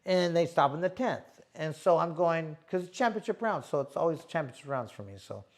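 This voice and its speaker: A middle-aged man, a boxer hosting a show, telling stories in a casual, animated, slangy way and acting out what people said. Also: on the high side, fairly quick. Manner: animated, slangy, acts out quotes. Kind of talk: casual storytelling chat.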